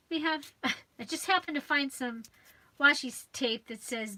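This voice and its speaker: High, unhurried chatty craft woman. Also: bright, forceful tone. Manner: chatty, thinks aloud while working. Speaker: crafting video host. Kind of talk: live crafting chat.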